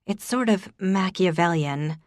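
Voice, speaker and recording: A woman voicing a nervous, eager young woman on a date, speaking a little higher than her narration. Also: unhurried, darkish tone, no room sound, clean studio sound, close to an everyday voice.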